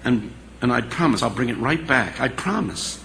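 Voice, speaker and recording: A man voicing a weary, shy woman who pleads softly, in an echoey hall. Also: mid-range voice, lively intonation, moderate pace, gravelly. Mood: timid pleading. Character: weary, tender woman street worker, hurt and shy.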